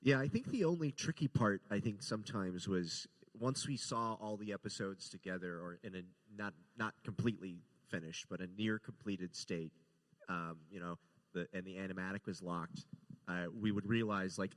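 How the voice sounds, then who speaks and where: A man's voice: low-pitched, moderate pace, in a large hall. A man, an easygoing producer guest, chatting and laughing. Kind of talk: casual chat.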